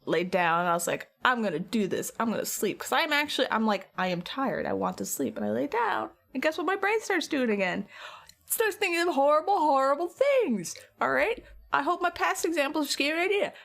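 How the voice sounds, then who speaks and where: A woman's voice: high-pitched, sing-song, a little fast, gravelly, fairly bright tone. A tired young woman streamer chatting with viewers, rambling through a story and acting out her own quotes. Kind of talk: casual chat with stream viewers.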